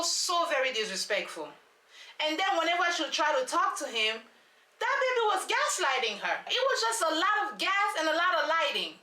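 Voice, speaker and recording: A woman, ranting through an animated, slangy recap of a reality show with lots of rhetorical questions. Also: sits high. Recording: echoey room.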